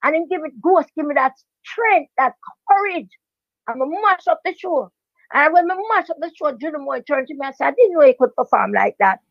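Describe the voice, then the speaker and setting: An older Jamaican woman, a veteran dancehall DJ, telling her story in a lively patois interview with emphatic repetition. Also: sits high, fairly quick, vocal fry, dry recording. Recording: dry, dull lo-fi sound.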